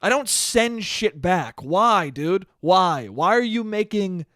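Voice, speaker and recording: A man rants alone into the mic, his voice pitched high for a man and swinging into sudden loud bursts of exasperation. He swears freely and talks fast in a casual monologue. The sound is dry and close, with no room echo. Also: animated. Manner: profane, exasperated ranting with sudden loud spikes. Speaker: podcast host. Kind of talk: solo ranting podcast monologue.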